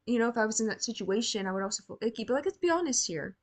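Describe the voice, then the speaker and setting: Talking very fast in an animated, fairly high voice, a young woman reacts casually to a TV show. Sarcastic and blunt, she curses freely and speaks right to the characters.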